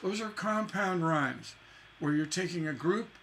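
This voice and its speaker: Guy teaching songwriting on a stream, kinda high voice, talks loose and scats da da da beats. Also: animated, measured pace, fairly bright tone, slight background noise. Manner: chatty, scats rhythms with "da da da". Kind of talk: livestreamed songwriting lesson.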